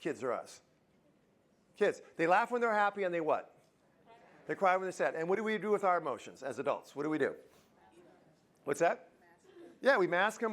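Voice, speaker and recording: A man giving a live motivational talk in a university auditorium, joking and quizzing the audience. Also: sits high. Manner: lively, jokey, quizzes the crowd. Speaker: motivational speaker.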